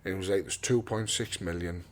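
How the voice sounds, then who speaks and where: A man's voice: low voice, fairly even intonation, a little fast. A young man, a professional boxer, telling his story in an interview, blunt and swearing, repeating words and acting out what others said.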